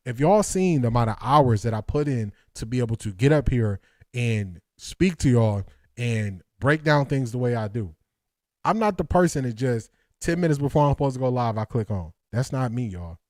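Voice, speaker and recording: A man's voice: mid-range voice, animated, moderate pace, darkish tone, dry recording, clean studio sound. A man hosting a football breakdown livestream, talking energetically and emphatically, repeating lines and laughing often. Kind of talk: casual livestream commentary.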